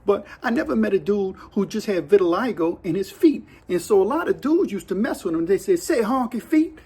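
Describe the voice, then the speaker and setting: A man's voice: sits high, expressive, fairly quick, mellow, breathy edge. A middle-aged man, casually telling prison stories in a slangy, laid-back way as host of his channel. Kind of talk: casual storytelling.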